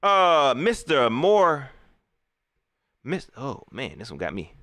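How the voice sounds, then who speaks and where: Animated, emphatic man ranting live. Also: mid-range voice, slow, dry recording, studio quality. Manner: animated, emphatic, repeats phrases. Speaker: live stream host. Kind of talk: casual live stream rant.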